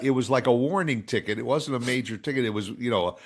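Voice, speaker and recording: A man's voice: medium pitch, fairly quick, a bit bright. A man co-hosting a podcast in casual chat, who laughs often and stammers as he starts his sentences over. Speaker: podcast co-host.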